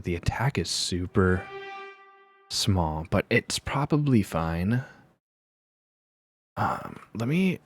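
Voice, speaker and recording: A man with a very low, deep voice talks quietly through his work in soft-spoken ASMR style. He pauses often and thinks aloud in a hushed, unhurried way. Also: husky. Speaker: streamer.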